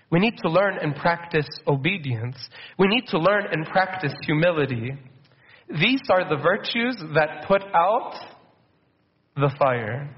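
A man giving a conversational sermon, slowing down to stress quotations and slipping in Arabic words. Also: a little high. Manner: conversational preaching, slows for quotes, mixes in Arabic words. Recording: dull muffled sound.

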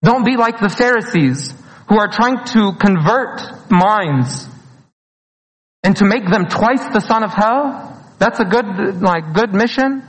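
High-voiced preacher in a reverberant hall. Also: male voice, animated, takes it slowly. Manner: earnest, pleading, mixes in Arabic phrases, laughs between lines. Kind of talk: sermon.

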